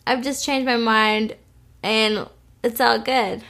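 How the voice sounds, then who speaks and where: Casting note: woman interviewer, slightly high voice, curious and conversational. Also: steady tone, slow pace, a bit bright. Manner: curious, asks short follow-up questions.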